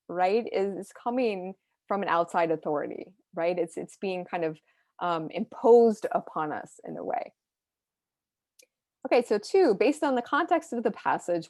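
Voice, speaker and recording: A woman's voice: medium pitch, dry recording. Dry-sounding woman teaching a lesson. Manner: explanatory, frequent "right?" check-ins. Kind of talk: recorded lecture on close reading.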